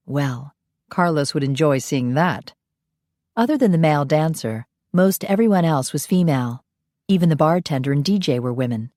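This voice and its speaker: A woman narrating a paranormal romance audiobook in an even, measured storytelling voice. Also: low voice, dry recording, studio quality. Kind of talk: scripted narration.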